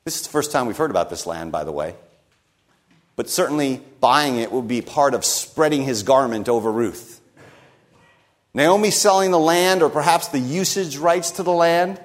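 A man preaching a verse-by-verse sermon in a relaxed, conversational way, with a slightly high voice. He keeps checking in with his listeners with quick rhetorical questions and slips in dry, wry humor as he explains. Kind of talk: expository sermon.

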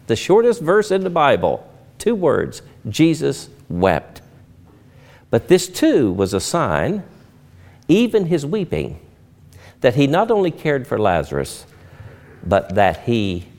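A man preaching a sermon with a lively, wide-ranging pitch that climbs high and loud at its peaks. He talks in an earnest way, drawing out key phrases slowly before building again. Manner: earnest preaching with dramatic swells and slow emphatic pauses. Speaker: pastor.

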